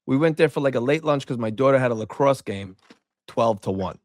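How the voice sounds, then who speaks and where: A podcast co-host, a middle-aged man, talks a little quickly in a mid-range voice, recorded in studio quality with no room sound. His casual storytelling is animated, with acted-out quotes from the people involved and plenty of free swearing.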